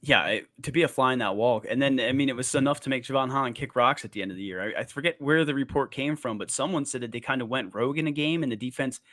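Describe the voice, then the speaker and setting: A man's voice: medium pitch, quick pace, hardly any pauses, fairly bright tone, no room sound, studio quality. A man co-hosting sports talk radio, rambling and jokey in casual chat.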